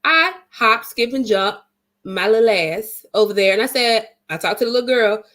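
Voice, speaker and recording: A woman's voice: a little high, normal speed, fairly bright tone. A woman vlogger telling a story in a casual, blunt and emphatic way, swearing freely and retelling it dramatically.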